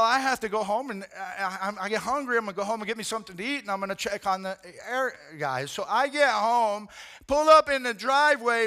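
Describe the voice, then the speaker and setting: A man preaching with a high, bright voice that cuts through. He tells the story in animated, casual slang and keeps addressing his listeners as "man.". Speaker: pastor. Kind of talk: sermon.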